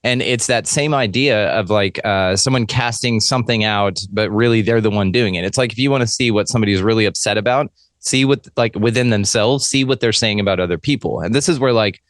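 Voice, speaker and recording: Low-voiced man, emphatic and swearing. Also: fairly quick, few pauses, dry recording, studio quality. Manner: emphatic, profane, animated storyteller. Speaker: podcast guest. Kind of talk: casual chat.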